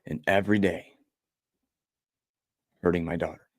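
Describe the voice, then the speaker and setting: A man's voice: deep voice, steady tone, measured pace, no echo, clean studio sound. A middle-aged man, a motivational speaker, telling a personal story earnestly and emotionally, often repeating his phrases.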